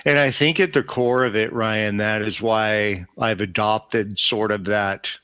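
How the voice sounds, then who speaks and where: A man's voice: on the low side, fairly even intonation, unhurried, sharp tone, clear, resonant tone. A man as a podcast guest, speaking reflectively about faith and thinking aloud as he goes. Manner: reflective, thinks aloud with restarts and "you know". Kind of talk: casual faith conversation.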